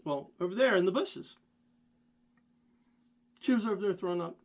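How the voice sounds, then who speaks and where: A man vlogger casually telling a rambling story, animated and self-deprecating. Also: sits high, moderate pace, pauses often.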